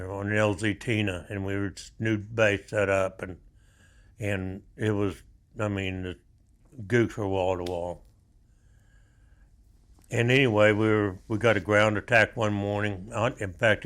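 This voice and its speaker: Older veteran, low-pitched, plain-spoken and rambling, for an interview. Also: male voice, fairly bright tone. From Oklahoma. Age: 70s. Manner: plain-spoken, rambling war stories with restarts. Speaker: Vietnam veteran guest. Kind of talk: storytelling interview.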